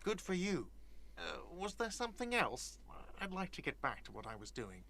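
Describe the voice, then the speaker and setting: A man's voice: high voice, big pitch swings, moderate pace, sharp tone, slight background noise, full character voice. An actor voicing a surly, sarcastic young man in a video game, with a whiny edge. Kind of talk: game voice acting.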